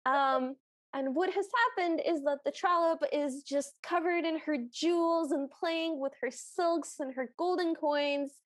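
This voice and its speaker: High-voiced woman podcast co-host. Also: unhurried, dry recording. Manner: animated retelling, acting out quotes. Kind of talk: casual chat recapping a film.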